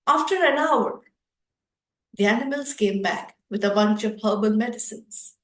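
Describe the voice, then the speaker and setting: A woman storyteller telling a children's story at a festival session, expressive and repetitive, with some fillers. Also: a little high, a little slow, echoey room, rough recording.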